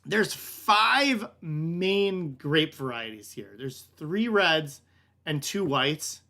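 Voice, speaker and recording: His voice is on the high side, gravelly, pushed, and bright, with lively intonation and a very slow pace. An American wine shop director running a laid-back online tasting, he wanders through his points full of "um," "like," and "kinda," referring to listeners as "man."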